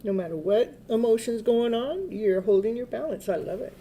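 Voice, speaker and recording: A woman's voice: on the high side, lively intonation, normal speed, dark tone, slight background noise. A woman giving a casual tarot reading, chatting, laughing often and coaxing her dog. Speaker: tarot reader.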